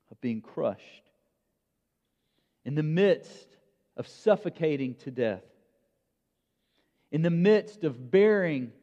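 Slow, measured preacher man in reverb. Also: fairly high pitch, warm tone. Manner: measured, emphatic preaching with dramatic pauses. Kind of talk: sermon. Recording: long reverb, dull lo-fi sound.

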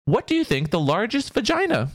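A man's voice: high-pitched, huge pitch swings, a little fast, no room sound, clean studio sound. A man co-hosting a podcast in casual, teasing banter. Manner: teasing, playful, puts on silly voices. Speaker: podcast co-host.

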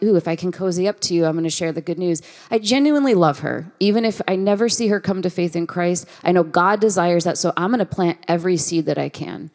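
Woman preaching a story-filled sermon. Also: on the low side. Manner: conversational, lively, acts out quoted voices. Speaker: guest preacher.

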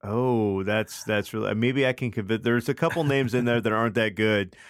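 Relaxed dad cohosting a podcast, smooth low voice, lots of ums and likes. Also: male voice, moderate pace, no echo, studio quality. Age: adult, has children. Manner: rambling, filler-heavy, relaxed. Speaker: podcast co-host. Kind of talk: casual chat.

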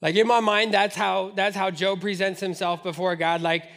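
A man preaching a sermon, lively, acting out the voices in the scripture he reads. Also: high-pitched, normal speed. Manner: animated, acts out scripture voices. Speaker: pastor.

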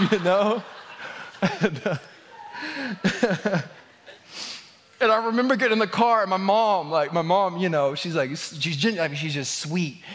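A man's voice: high-pitched, a little slow, pauses often, fairly bright tone, long reverb tail. A man preaching a sermon as a pastor, telling a funny story with lots of laughter and filler words. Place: church.

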